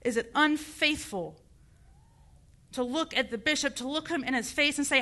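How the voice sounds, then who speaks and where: Woman preacher, high voice, bright tone, impassioned sermon. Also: normal speed, long pauses. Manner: impassioned, rising to fervent outrage. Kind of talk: passionate sermon.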